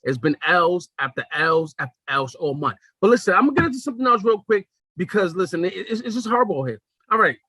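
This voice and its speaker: A man tells a story as a podcast host, swinging his pitch all over the place. His voice is high, bright and a little husky. He talks in a loose, profane, conversational way, as if he is riding a train. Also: big pitch swings, quick pace, no echo, low-quality recording. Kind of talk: casual storytelling monologue.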